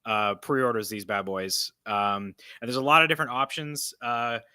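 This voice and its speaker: Bright, crisp-voiced man hosting casually. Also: medium pitch, steady tone, moderate pace, dry recording, studio quality. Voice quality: froggy voice. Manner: rambling, self-correcting, laughs often. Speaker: host. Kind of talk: casual live-stream chat. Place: comic book store.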